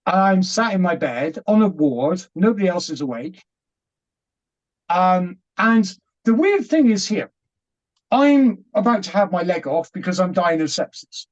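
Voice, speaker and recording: A British man telling his story as an interview guest, animated and laughing as he acts out what was said. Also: high-pitched, unhurried, muffled recording.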